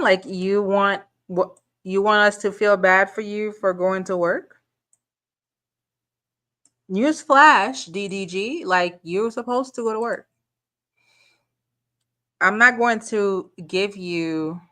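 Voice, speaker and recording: A woman's voice: mid-range voice, bright, forceful tone. A woman channel host giving reaction commentary, firing off incredulous rhetorical questions and repeating words as she gathers her point.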